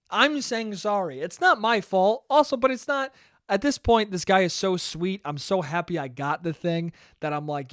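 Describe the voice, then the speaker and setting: A man hosting his own podcast, telling stories in a casual, profane way and often laughing at himself. His voice is fairly high and smooth. The sound is dry and close. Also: normal speed, fairly bright tone, dry recording. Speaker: podcast host. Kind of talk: casual solo storytelling podcast.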